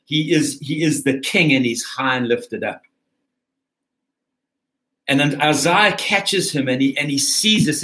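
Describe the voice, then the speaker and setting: A man's voice: a little high, fairly bright tone. A man preaching a sermon in an earnest, repetitive way, calling his listeners friends. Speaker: pastor.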